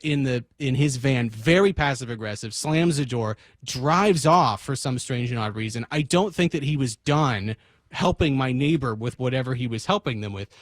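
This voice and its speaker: A man's voice: fairly high pitch, no echo. Dry-voiced man telling a comic story. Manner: animated, self-mocking, acts out dialogue. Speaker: radio show co-host. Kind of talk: comic storytelling on talk radio. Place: radio studio. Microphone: studio microphone.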